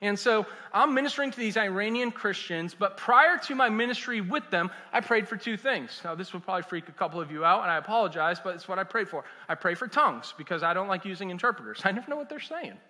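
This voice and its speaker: A man, a pastor preaching a sermon in an animated, conversational and humorous way. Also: high voice, fast, hardly any pauses. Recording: echoey hall.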